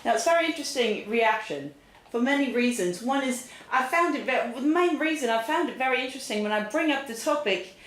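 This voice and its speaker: A woman with a high voice hosts a mock talk show in a theatrical, giggly way. She keeps turning to the audience. Her voice echoes around a roomy space. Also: expressive, brisk. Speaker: comedic talk show host. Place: home studio, roomy. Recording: echoey room.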